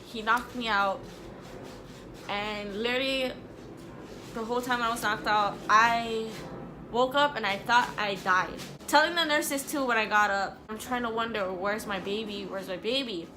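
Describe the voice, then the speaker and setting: A woman's voice: fairly high pitch, measured pace, noisy background. Emotional young woman recounting a birth story. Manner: candid, emotional, sometimes tearful and apologetic. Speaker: vlogger. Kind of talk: personal storytelling vlog.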